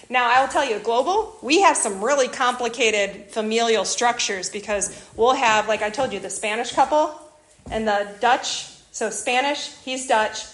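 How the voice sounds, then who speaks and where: A woman giving a lively, conversational talk, telling a personal story with frequent asides. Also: a little high. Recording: roomy echo.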